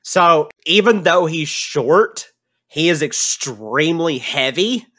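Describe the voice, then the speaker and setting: A man narrating a tabletop role-playing game as game master, relaxed and explaining rules with fillers. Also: a little high, takes it slowly.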